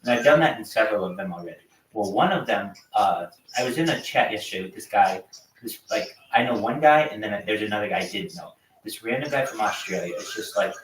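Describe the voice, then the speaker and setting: A man's voice: on the low side, lively intonation, a little fast, a bit bright, recorded from a distance. A man hosting a livestream, talking in a loose, profane, rambling way with lots of fillers. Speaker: livestream host. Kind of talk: casual rambling chat. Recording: echoey room, from off-mic, faint background noise.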